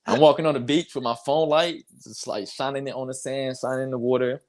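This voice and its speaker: A man's voice: mid-range voice, fairly even intonation, brisk. A young man from North Carolina, a basketball player telling a story in a casual interview, acting out quotes and laughing.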